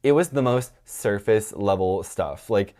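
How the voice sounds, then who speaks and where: A man's voice: lowish voice, measured pace. Young man ranting animatedly on his podcast. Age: young adult. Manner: animated, rambling, heavy use of "like" and swearing; acts out quoted people in a raised voice. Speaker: podcast host. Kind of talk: casual storytelling monologue.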